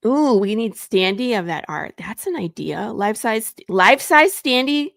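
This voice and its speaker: A woman from Michigan hosting a casual talk show, chatty and quick to jump between topics. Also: medium pitch, very animated, creaky, fairly bright tone, dry recording, clean studio sound. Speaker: podcast host. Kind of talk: casual chat.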